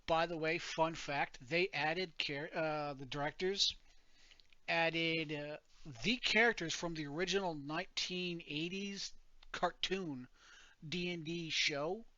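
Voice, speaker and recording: Man, podcast co-host, chatty and rambling; bright voice, dull lo-fi sound. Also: on the high side, takes it slowly, no echo. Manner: rambling, laughs often, many restarts. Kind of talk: casual chat.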